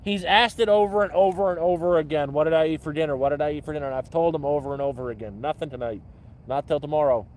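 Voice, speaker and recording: A man hosting a livestream in casual, rambling chat, jumping between loud bursts and low mutters. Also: steady tone, quick pace, slight background noise. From Canada. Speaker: livestream host. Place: outdoors by a campfire.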